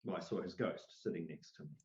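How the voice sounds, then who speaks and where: A middle-aged man, an interview guest, telling personal stories in an animated way and acting out the voices he quotes. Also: deep voice, fast, slight background noise. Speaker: interview guest, psychic medium. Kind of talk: storytelling in a conversational interview. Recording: roomy, dull lo-fi sound.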